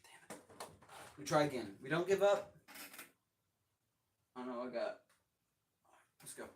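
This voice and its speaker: A man's voice: medium pitch, sing-song, measured pace. A young man chatting casually while practicing drums, rambling and cheering himself on with casual swearing. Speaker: drummer streaming practice. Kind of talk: casual practice-session chat. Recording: roomy, distant mic, faint noise.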